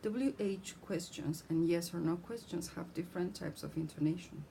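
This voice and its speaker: A woman teaching a scripted lesson on intonation, explaining clearly and speaking example sentences aloud. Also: on the low side, normal speed, mellow, a little hiss or hum, poor audio.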